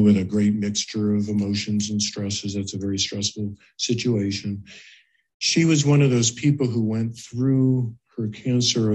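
A man with a low, slightly husky voice recounts a therapy case. He speaks calmly and unhurriedly, in the measured manner of a clinician telling a story. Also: low-quality recording. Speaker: guest therapist.

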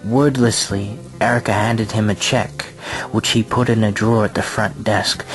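A man narrating a spooky story in a steady, even storytelling manner, over clear background music. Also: fairly low pitch, normal speed. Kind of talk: scripted narration.

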